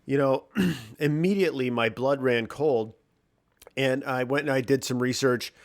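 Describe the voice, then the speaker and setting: A man hosting his podcast alone from his home basement, talking candidly with a morning voice, clearing his throat, swearing and restarting sentences. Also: medium pitch, measured pace. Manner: candid, rambling, swears freely, frequent restarts. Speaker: podcast host. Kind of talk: casual solo podcast monologue.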